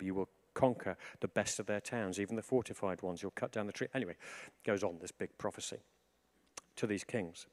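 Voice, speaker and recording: A man giving an informal sermon, animated, swinging from hushed reflection to excited emphasis. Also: on the low side. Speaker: preacher.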